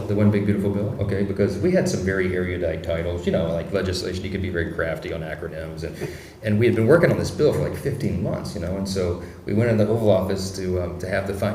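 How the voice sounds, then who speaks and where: A man speaking as a political guest in an interview, telling stories in an animated, casual way with frequent restarts. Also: sits low, fast, roomy sound, slight background noise. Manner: animated anecdote-teller who speeds up and laughs through stories.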